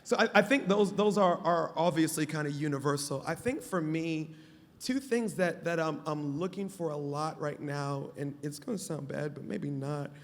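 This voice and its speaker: On a conference stage before a live audience, a male pastor speaks on a panel at a moderate pace in a voice on the high side. His cadence is emphatic and preacher-like, and a large hall's long reverb fills the recording.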